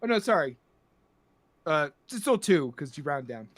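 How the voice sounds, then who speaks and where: Laid-back, laughing game master. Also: male voice, on the high side, sing-song, normal speed, slight background noise. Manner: laughing, loose and profane. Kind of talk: running a tabletop game.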